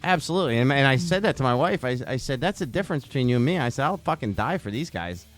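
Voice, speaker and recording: A man's voice: mid-range voice, lively intonation, fast talker, soft background music. A man hosting a podcast, telling a heated story full of swearing and restarts. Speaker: podcast host. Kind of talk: casual chat.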